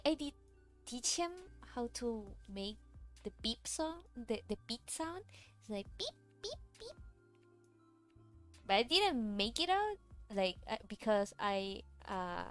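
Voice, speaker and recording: A woman chatting casually while she draws, rambling with many fillers and restarts. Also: mid-range voice. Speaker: VTuber artist streaming a drawing session. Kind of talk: casual chat while drawing.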